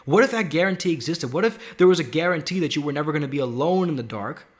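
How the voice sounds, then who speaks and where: A man's voice: a little high, expressive, fast talker. Man posing rhetorical questions. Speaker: host. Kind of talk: faith video show monologue.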